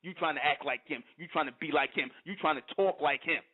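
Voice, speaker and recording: A man's voice: fairly high pitch, a little fast. A middle-aged man, hosting an internet radio show and preaching in a fiery monologue that keeps asking "you understand?". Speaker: radio host. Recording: tinny phone-line audio.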